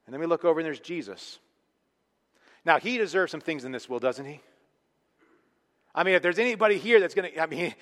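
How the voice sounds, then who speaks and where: A man preaching a sermon, earnest and emphatic, swinging between quiet, intimate lines and loud, pressing ones. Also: a little high, quick pace, pauses often. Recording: long reverb of a large hall.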